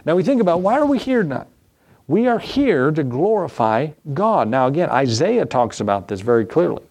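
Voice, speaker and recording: A man delivers an evening church sermon as the preacher. He fires off rhetorical questions that climb in pitch and repeats key phrases to press his point home. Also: big pitch swings, normal speed, a little mellow.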